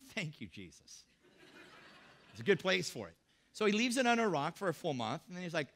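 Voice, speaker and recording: Male pastor with a high, bright voice, preaching conversationally with jokes. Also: big pitch swings. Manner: humorous, conversational preaching, acts out Bible characters in quick voices. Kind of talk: sermon. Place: church.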